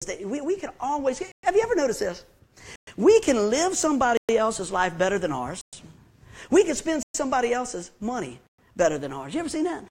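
A man preaching a sermon to his congregation in a folksy, animated way, with lots of questions to the listeners. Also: extremely high pitch, normal speed, husky. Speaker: pastor.

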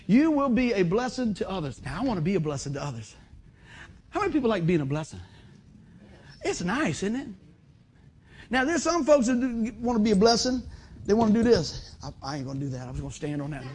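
A middle-aged man preaching a sermon in a folksy, animated way, acting out other people's voices. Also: high voice, a little fast, long pauses, breathy edge. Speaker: pastor.

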